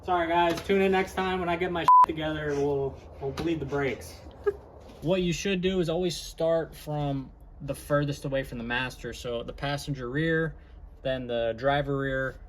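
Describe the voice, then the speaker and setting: A man's voice: mid-range voice, steady tone, moderate pace, a bit bright, slight background noise. A man casually chatting through a car job in his home garage, rambling and explaining as he works. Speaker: car hobby vlogger. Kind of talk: casual garage how-to chat.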